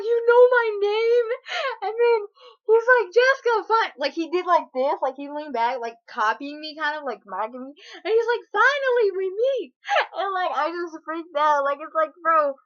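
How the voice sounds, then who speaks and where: A teenage girl vlogging, telling an excited personal story full of fillers, gushing and breathless, with sudden shrieks. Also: sits high, moderate pace. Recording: dull lo-fi webcam audio.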